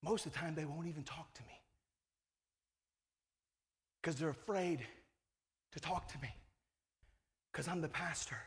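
A man's voice: a little high, measured pace, pauses often, fairly bright tone. A male pastor preaching a sermon in a conversational, emphatic way, full of rhetorical questions.

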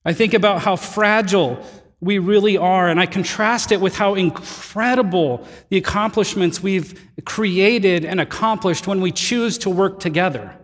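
A man preaching with a fairly high voice, telling his stories in a relaxed, chatty way and often poking fun at himself. His voice rings out with a long reverb tail, like a large hall. He sounds like a pastor talking to his congregation. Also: moderate pace. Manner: conversational storytelling, animated and self-deprecating. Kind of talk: sermon.

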